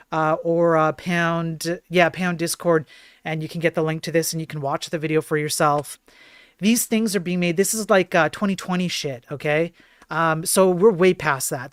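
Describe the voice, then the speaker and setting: On his livestream, a man with a high, slightly bright voice comments casually over videos he plays, cursing frequently, repeating things, and reading text from the screen aloud. The audio is dry and studio quality.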